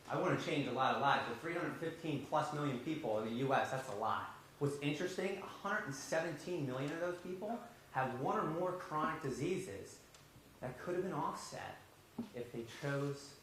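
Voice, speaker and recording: A man telling an animated story on stage in a large, very echoey hall. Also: medium pitch, moderate pace, slight background noise. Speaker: public speaker. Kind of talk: storytelling talk. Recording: very echoey hall, faint ambience.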